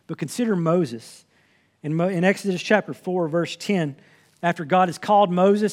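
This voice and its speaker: A man's voice: high-pitched, normal speed, a little mellow. A man preaching a sermon from the pulpit, earnest and conversational, quoting scripture as he teaches. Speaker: pastor.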